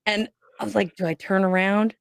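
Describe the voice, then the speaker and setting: A woman's voice: mid-range voice, fairly even intonation, brisk, creaky, no echo, clean studio sound. A woman on a podcast telling a personal ghost story, acting out the voices she quotes. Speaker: podcast guest.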